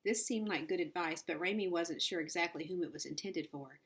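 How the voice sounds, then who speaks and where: A woman reading a children's novel aloud in an unhurried storytelling manner, with small slips. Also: lowish voice. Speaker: audiobook reader.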